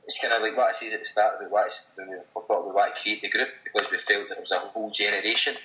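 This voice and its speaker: A man's voice: on the low side, fairly even intonation, rapid-fire, sharp tone, roomy sound, slight background noise, poor audio. A Scottish man telling a story as a guest in casual chat, swearing freely and laughing as he talks. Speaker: guest, supporters' group member.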